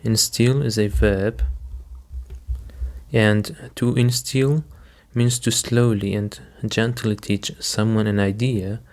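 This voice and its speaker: A man's voice: on the low side, fairly even intonation, slow, darkish tone. A man teaching English vocabulary, patiently repeating each word and explaining it with simple examples. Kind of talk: slow, careful teaching.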